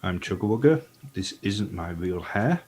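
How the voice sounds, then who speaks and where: A man's voice: low-pitched, very animated, normal speed, a crowd in the background. A man who plays in an online tabletop game and moderates chat, introducing himself casually with a joke.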